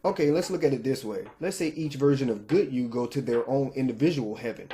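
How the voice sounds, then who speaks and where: A man's voice: mid-range voice, a little fast, warm tone. Man talking straight to his viewers. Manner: direct, opinionated, talks straight to viewers. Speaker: channel host. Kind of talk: casual vlog commentary.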